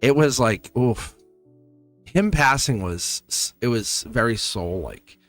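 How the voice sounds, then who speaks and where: A middle-aged man hosting a live tarot reading, rambling and upbeat, his voice hoarse and cracking. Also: medium pitch, animated, slow, no echo, faint music behind. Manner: rambling, upbeat, repeats himself. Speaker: tarot reader and host.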